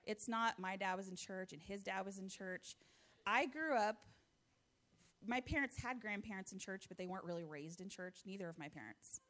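A woman's voice: medium pitch, normal speed, a bit bright. American woman, thirties, sharing a heartfelt church testimony. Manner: earnest, heartfelt storytelling with light laughs. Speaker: church member giving testimony. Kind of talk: testimony talk to a congregation.

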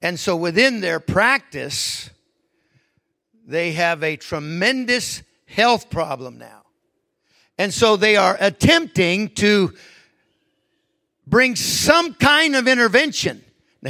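Male preacher mid-sermon; a dry, close voice, unhurried and emphatic, hushed one moment and raised the next. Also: sits high, very animated, dry recording.

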